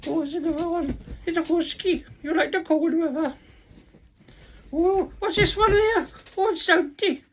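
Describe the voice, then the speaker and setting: A woman voicing an excitable, chatty female hand puppet in a squeaky high voice, gushing and repeating herself. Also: measured pace. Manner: gushing and repetitive.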